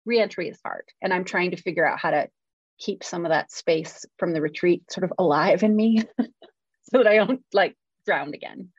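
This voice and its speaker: A woman's voice: fairly low pitch, no room sound. Chatty woman, dull dry audio. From California. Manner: chatty, self-mocking, acts out quotes. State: jet-lagged. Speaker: podcast co-host. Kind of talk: casual podcast chat.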